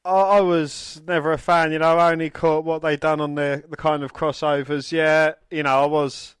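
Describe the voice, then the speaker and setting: A man's voice: on the high side, flat delivery, moderate pace, smooth, dry recording. A man co-hosting a podcast in casual chat, chatty and tossing in wry, swearing asides. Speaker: podcast co-host. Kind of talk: casual chat about wrestling.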